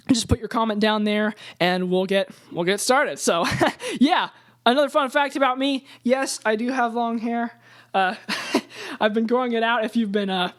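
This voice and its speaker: A woman's voice: mid-range voice, no echo, studio quality. A young woman, a musician, chatting casually to her viewers in an upbeat way, laughing often between thoughts. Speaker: musician and channel host. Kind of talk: casual vlog chat to camera.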